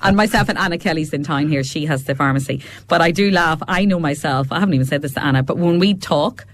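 A woman's voice: sits low, fast talker. A Northern Irish woman from Fermanagh, a regular guest on a radio show, chatting and telling anecdotes with lots of laughter. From Fermanagh, Northern Ireland. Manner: chatty, animated, laughs often, tells anecdotes. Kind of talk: casual radio chat.

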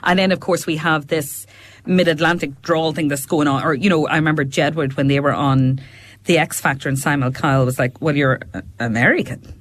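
A woman from Fermanagh, Northern Ireland, with a deep voice and brisk delivery appears as a regular guest on a radio show. The chat is casual and animated, and she tells anecdotes and laughs often.

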